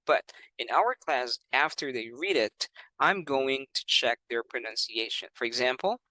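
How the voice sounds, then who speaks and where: A male English teacher walks through his classroom methods, patient and clear, with a bright, forceful tone. He checks in often with "all right" and "you know", and the recording is dry and close. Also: mid-range voice, animated, measured pace, no echo, poor audio.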